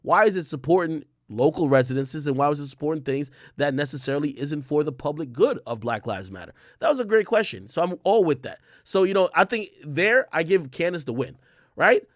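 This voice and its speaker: A man's voice: fairly high pitch, lively intonation, a little fast, dry recording, studio quality. A man giving casual livestream commentary, emphatic and profane, often repeating words and restarting sentences. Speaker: streamer and commentator.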